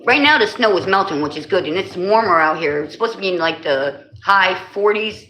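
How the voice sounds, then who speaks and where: A woman's voice: fairly low pitch, animated, fairly quick, bright, forceful tone, a little hiss or hum, rough recording. A woman with a New Jersey accent chatting casually on a live stream, greeting and answering her viewers.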